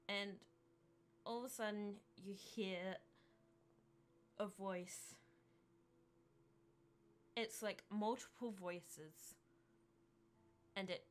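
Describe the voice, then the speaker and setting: A woman narrating a tabletop role-playing game as game master, slow and hesitant, with restarts. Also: mid-range voice, slight background noise.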